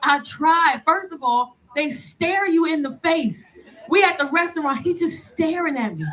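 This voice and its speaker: A woman doing stand-up comedy, telling a story in an animated way to a live audience. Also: high voice, measured pace, rough recording. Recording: loud live club audience.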